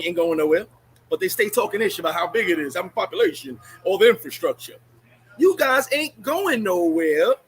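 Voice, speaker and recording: A man's voice: sits high, fairly bright tone, a little hiss or hum, low-quality recording. A man hosting a casual livestream, ranting bluntly and sarcastically, shifting into chatting with viewers. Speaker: livestream host. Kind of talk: casual live-stream rant.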